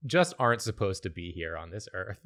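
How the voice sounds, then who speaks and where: A man chatting casually while drawing, making absurd jokes in a deadpan way. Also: low voice, a little fast. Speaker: show host and artist.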